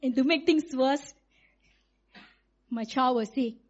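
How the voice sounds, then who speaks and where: A middle-aged woman, preaching in a lively, conversational way and acting out quotes. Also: high-pitched, takes it slowly, dull audio. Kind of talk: sermon.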